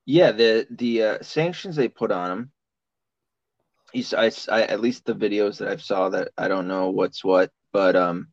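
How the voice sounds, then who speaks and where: Low voiced guy rambling n swearing on a podcast, muffled lo-fi audio, dry. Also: no room sound. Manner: profane, rambling, laughs often. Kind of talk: casual chat. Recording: dull lo-fi sound.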